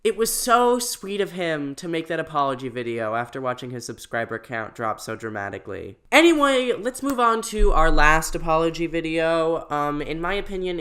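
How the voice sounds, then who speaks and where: A young adult YouTuber giving sarcastic, mocking commentary with quick asides. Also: mid-range voice, a bit bright.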